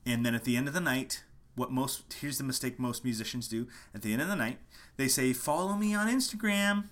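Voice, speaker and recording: His mid-range voice is a bit bright with a steady tone, moving a little fast. He's a musician giving a casual, passionate online marketing lesson to camera at home late at night, hammering points home by repetition.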